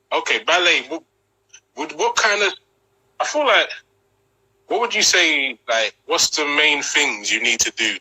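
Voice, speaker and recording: A man's voice: medium pitch, pushed and bright, breathy edge, poor audio. A man hosting a casual interview show, enthusiastic and slangy, often restarting his sentences. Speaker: host.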